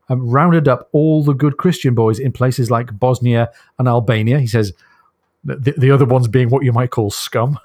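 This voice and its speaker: A man's voice: medium pitch, a little mellow, no echo, clean studio sound. Enthusiastic man recapping a book. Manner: enthusiastic, recounts the story with frequent laughs. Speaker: podcast co-host. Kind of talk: casual book discussion.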